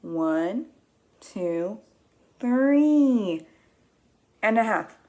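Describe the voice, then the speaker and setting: A woman reads a picture book aloud to young children at an unhurried pace. She is animated and expressive, with frequent gasps and drawn-out words. She stops often to ask the children questions. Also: medium pitch. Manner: asks the children questions and pauses for them. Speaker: teacher reading a picture book.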